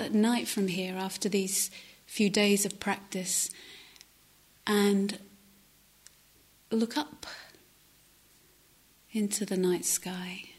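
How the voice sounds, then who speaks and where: A woman giving a reflective meditation talk, speaking softly and haltingly, often dropping to a near-whisper. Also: medium pitch, little pitch movement, breathy edge. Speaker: meditation teacher.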